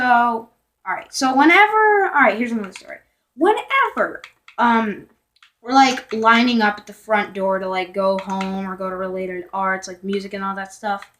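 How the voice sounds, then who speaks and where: A woman's voice: fairly high pitch, a bit bright. Rambling young girl telling a storytime. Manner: rambling, full of fillers and asides, sometimes whispering. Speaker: vlogger. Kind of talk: storytime vlog.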